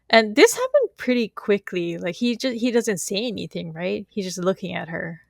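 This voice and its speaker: Laughing woman with a gravelly voice. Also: mid-range voice, moderate pace, few pauses, no echo, studio quality. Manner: animated, laughs often. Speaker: podcast co-host. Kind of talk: casual chat.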